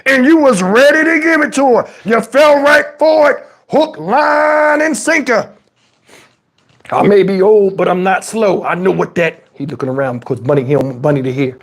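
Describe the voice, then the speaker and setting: Cranky old dad yelling and preaching, a guy doing the voice, kinda high for a man. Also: gravelly, exaggerated voice. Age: older. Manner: exasperated scolding, preachy, swears, shouts at times. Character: scolding elderly father, preachy and outraged. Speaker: comedian. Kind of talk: comedic rant in character.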